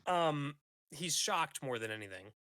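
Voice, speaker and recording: Brief: male game master, bright lively voice, dry close sound, halting narration. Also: on the high side, dry recording. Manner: halting, with fillers and chuckles while describing scenes.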